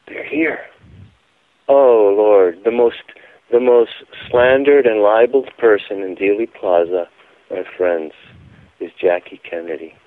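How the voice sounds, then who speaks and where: Male radio guest, emphatic and insistent, lowish voice, dry thin phone line. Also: no echo.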